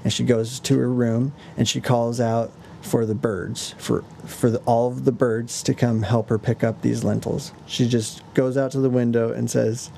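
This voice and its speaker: Gravelly low-key guy on a podcast, dark mellow voice, slangy and rambly. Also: level tone, moderate pace, a little hiss or hum. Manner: loose and slangy, many fillers and restarts. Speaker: podcast co-host. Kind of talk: casual storytelling chat.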